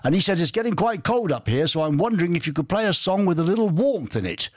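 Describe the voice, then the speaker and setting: Chatty radio host, lively voice. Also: male voice, high voice, quick pace, dry recording. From England. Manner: chatty, jokey, reads listener messages. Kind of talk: live radio presenting with banter. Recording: dry studio sound.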